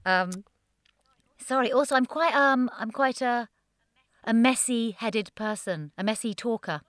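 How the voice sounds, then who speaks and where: A woman, a guest comedy writer, chatting casually on a podcast in an excitable, rambling way and laughing often. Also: on the high side, measured pace, no echo.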